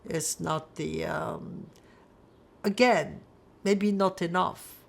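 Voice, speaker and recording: Older woman, from France, oral history testimony, halting with fillers, slow, gravelly. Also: fairly low pitch. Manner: reflective, halting, many fillers. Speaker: Holocaust survivor interviewee.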